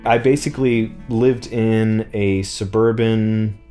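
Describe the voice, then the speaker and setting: A man in casual conversation, easygoing and hesitant, often trailing off quietly. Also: lowish voice, fairly even intonation, slow pace, faint music behind. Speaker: partner in conversation.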